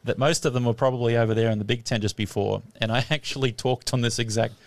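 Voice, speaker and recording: A man's voice: medium pitch, fast, dry recording. A man teaching the Bible on live radio, quizzing a class in front of him and laughing often. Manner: lively, laughing, asks the audience questions. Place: tent or hall with a live audience.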